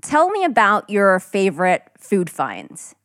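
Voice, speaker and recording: A woman's voice: mid-range voice, huge pitch swings, unhurried, a bit bright, dry recording, clean studio sound. An Australian woman hosting a podcast, chatting playfully and trying out an American accent now and then. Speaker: podcast host. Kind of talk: casual chat.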